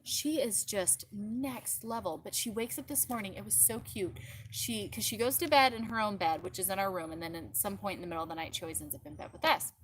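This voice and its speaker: A chatty woman hosting a relaxed live stream from her backyard, her voice at an even middle pitch. She rambles along with plenty of filler words, and a faint outdoor hum sits behind her. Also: a little fast. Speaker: live-stream host and mother. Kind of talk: casual live-stream chat.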